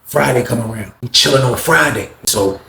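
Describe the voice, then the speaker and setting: A man telling stories from prison life in a casual, animated way, jumping up in pitch to act out other people's lines. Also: normal speed, creaky, reverberant. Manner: animated, acts out others' lines in a higher, louder voice. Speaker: storyteller recounting prison life. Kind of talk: casual storytelling to camera.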